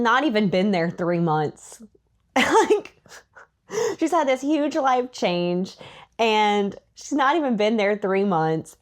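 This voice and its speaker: A woman hosting a book podcast, casually recapping a novel in a chatty, animated way and acting out the characters' lines. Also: mid-range voice. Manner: chatty, animated retelling with laughs and acted-out quotes. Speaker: podcast host.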